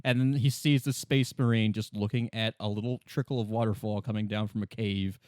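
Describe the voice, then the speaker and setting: A man's voice: lowish voice, fairly even intonation, brisk, a little mellow, dry recording, studio quality. A man casually retelling a story on a podcast, rambling and laughing as he acts out characters. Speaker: podcast co-host.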